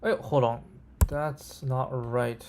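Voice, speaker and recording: A man thinking aloud as he codes, halting and correcting himself, often checking in with "right?" and "okay?". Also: medium pitch, fairly even intonation, a little mellow, a little hiss or hum. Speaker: coding tutor. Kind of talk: thinking aloud while live coding.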